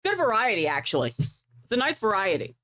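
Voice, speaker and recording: A woman's voice: mid-range voice, wildly swooping pitch, a little fast, bright, forceful tone, no echo, studio quality. A woman livestreaming, chatting casually and rambling with offhand swearing while setting up a game. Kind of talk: casual live-stream chat while gaming.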